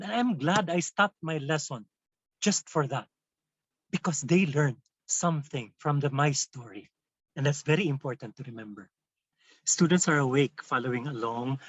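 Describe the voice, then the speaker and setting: A man with a Filipino accent telling stories in an animated way while training teachers in a webinar, switching between English and Tagalog. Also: on the high side, breathy edge, no room sound. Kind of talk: webinar storytelling lesson. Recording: dull dry lo-fi webinar audio.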